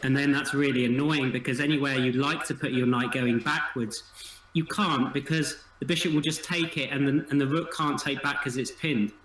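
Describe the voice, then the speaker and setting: A man as guest chess analyst, calmly and methodically talking through variations. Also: medium pitch, moderate pace, roomy sound, slight background noise, low-quality recording.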